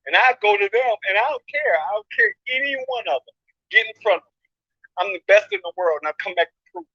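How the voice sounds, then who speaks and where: A man's voice: high-pitched, animated, fast talker, slightly rough, no room sound. Hyped, boastful man in his fifties. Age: 50s. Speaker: guest, returning boxer. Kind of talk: casual interview talk. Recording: dull lo-fi call audio.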